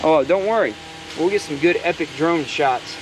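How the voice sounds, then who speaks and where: At a moderate pace and a slightly high pitch, a man vlogging as a DIY maker rambles about his backyard project in casual workshop chat. He jokes along the way and drifts into side rants, with noisy outdoor ambience in the background.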